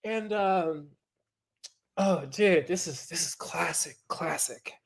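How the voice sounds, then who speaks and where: A man on a podcast telling a story in a casual, profane, animated way. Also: on the high side, takes it slowly, creaky, breathy edge. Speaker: podcast guest.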